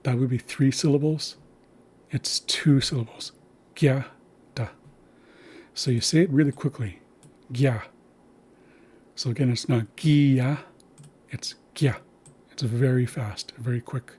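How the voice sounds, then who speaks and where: A man's voice: mid-range voice, steady tone, a little mellow, slightly rough. Patient man teaching language sounds. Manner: patient, slow demonstrations of sounds. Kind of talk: recorded language lesson.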